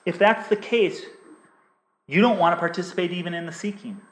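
High-voiced man preaching in an echoey hall. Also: fairly quick. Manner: earnest, repetitive appeals with many restarts. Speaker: pastor. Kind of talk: sermon.

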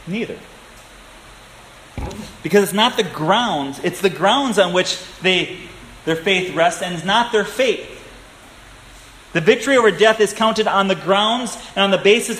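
A male pastor preaching a sermon, earnest and emphatic, slowing down to stress key phrases. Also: high voice, fairly bright tone, a little hiss or hum. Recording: echoey room with faint ambience.

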